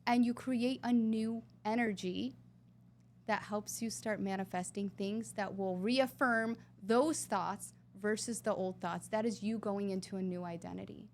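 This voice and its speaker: A woman's voice: medium pitch, fairly even intonation, unhurried, a little hiss or hum. A woman talking earnestly and with emphasis as a guest in a conversational interview. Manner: earnest, emphatic, sometimes drawn out. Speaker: podcast guest.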